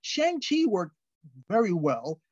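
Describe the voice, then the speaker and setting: A man co-hosting a casual film review show, talking in an animated, rambling way with lots of restarts. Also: high voice, slow pace, dry recording, muffled recording. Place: TV studio.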